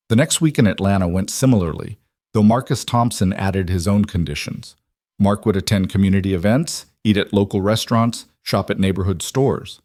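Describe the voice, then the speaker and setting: A man narrating a dramatic story in a steady, measured, scripted way. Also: low-pitched, dry recording, studio quality.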